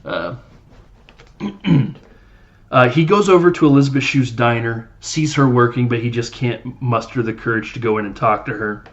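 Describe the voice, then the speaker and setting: A man's voice: mid-range voice, normal speed, muffled recording. A man hosting a podcast, casually recapping a film in a loose, chatty way with lots of fillers. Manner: loose and chatty, many fillers, laughs while acting out scenes. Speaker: podcast host.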